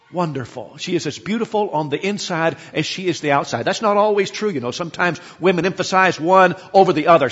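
A man's voice: fairly high pitch, a bit bright, slightly rough. A male preacher delivering an emphatic sermon, often repeating words as he builds his points. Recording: lo-fi with long hall reverb.

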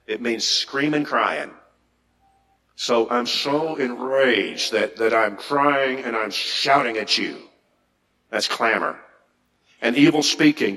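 A man preaching a sermon, reading scripture aloud and commenting on it, with frequent restarts and questions put to the congregation. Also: fairly bright tone. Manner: reads scripture aloud and comments, rising pitch when emphatic; repeats words and restarts, asks the audience questions.

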